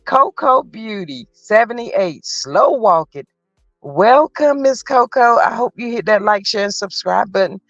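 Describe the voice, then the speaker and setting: A woman's voice: a little high, expressive, unhurried, hardly any pauses, a bit bright, dry recording. A woman hosts a casual live chat, gossiping and reading viewer comments aloud. She fills the gaps with frequent mm-hmm's. The audio is dull and lo-fi, quite dry, with faint music underneath. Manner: chatty and gossipy, frequent mm-hmm interjections. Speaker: livestream host.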